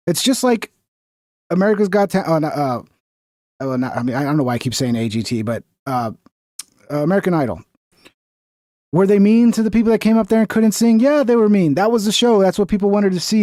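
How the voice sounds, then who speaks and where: A man with a high, warm voice records clean studio audio with no echo. He gives casual reaction commentary on a video, blunt and profane, mocking views he disagrees with in whiny voices.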